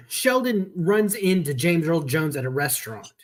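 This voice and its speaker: A man's voice: on the high side, big pitch swings, a little slow. A man hosting a podcast over a video call, chatting casually and telling long, rambling anecdotes. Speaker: podcast host. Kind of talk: casual chat.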